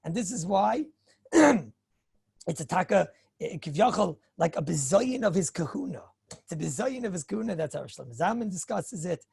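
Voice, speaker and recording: A rabbi delivers a Torah lecture in a gravelly, husky voice, recorded close and dry. He is animated, acts out little back-and-forth dialogues, and often clears his throat and chuckles. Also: high voice, normal speed, dry recording.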